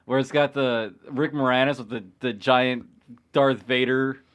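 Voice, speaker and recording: A man's voice: medium pitch, fairly even intonation, a little slow, a bit bright, smooth. Teasing chatty podcast man. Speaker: podcast co-host. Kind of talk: casual sports podcast chat.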